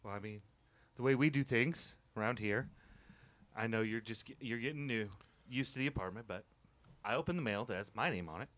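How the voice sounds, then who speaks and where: A man's voice: on the low side, a little fast, a bit bright, natural voice. A man playing a bossy, brash woman friend who pushes and coaxes in an improvised comedy sketch. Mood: patient, explaining. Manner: pushy, coaxing, blunt.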